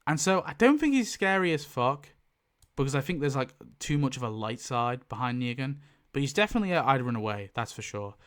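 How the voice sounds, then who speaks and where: A man in casual commentary who rambles and keeps correcting himself mid-sentence. His voice sits at an average pitch but leaps up sharply when he stresses a point. He swears freely and talks in loose, off-the-cuff bursts. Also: brisk. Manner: animated pitch jumps for emphasis. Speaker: YouTube tier-list ranker.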